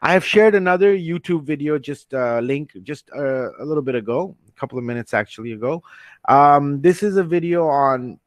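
This man leads an online training session over a computer mic on a video call, earnest and reassuring, frequently starting sentences over and voicing questions from the chat. He speaks at normal speed in a slightly high, animated voice, with no echo.

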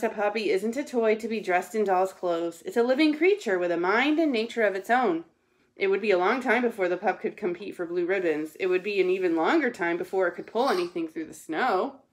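A woman teacher reading a children's storybook aloud in a gentle way. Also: medium pitch. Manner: gentle, answers a child's interruptions.

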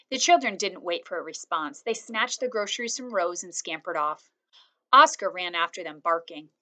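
A woman's voice: mid-range voice, moderate pace, a bit bright. Woman reading a children's novel aloud. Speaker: reader.

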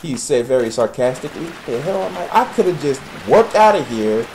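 A man's voice: mid-range voice, big pitch swings, brisk, darkish tone, a little hiss or hum, poor audio. A young man giving profane, sarcastic commentary while playing a video game and talking to its characters. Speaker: gaming commentator. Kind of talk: Let's Play commentary.

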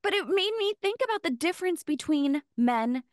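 A woman's voice: very high voice, moderate pace, no echo, clean studio sound. A middle-aged woman co-hosting a podcast, chatting casually, swearing freely and wired on caffeine. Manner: animated, swears freely, mimics voices. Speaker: podcast co-host. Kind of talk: casual chat.

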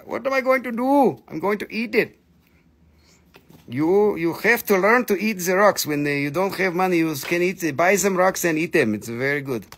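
A man hosting a live rock sale, excitable and jokey, gushing over each piece and chatting to viewers by name. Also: sits high, normal speed, slightly rough. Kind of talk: live selling stream chat.

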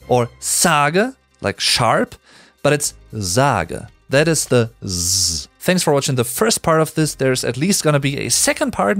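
German-accented male teacher, animated and explanatory, very lively pitch, dry close sound. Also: dry recording. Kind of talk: explaining language.

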